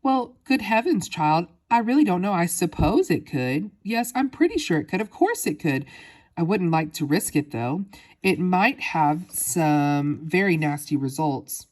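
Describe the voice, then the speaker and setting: Woman reader playing eccentric storybook chocolate maker, theatrical exclamations, low voice. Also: big pitch swings, measured pace, darkish tone. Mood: flustered.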